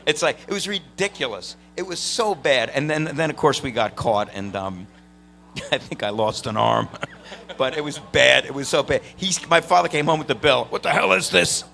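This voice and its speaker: A man on a live convention panel spins long, animated stories, padding them with "you know" and quick laughs. His voice is bright and forward, and his pitch sits in an ordinary middle range for a man. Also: creaky, a little hiss or hum. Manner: animated, chatty, full of fillers and laughs. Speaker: voice actor panel guest.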